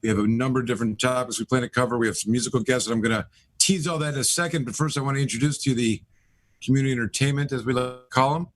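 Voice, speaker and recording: A man's voice: medium pitch, rapid-fire. A middle-aged man from Michigan, an attorney hosting a live talk show, rambling through introductions with many fillers. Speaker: host, attorney.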